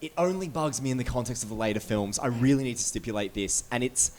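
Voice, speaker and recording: Lively, hedging man on a panel. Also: medium pitch, fast, very noisy. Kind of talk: live comedy panel talk. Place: live stage before an audience.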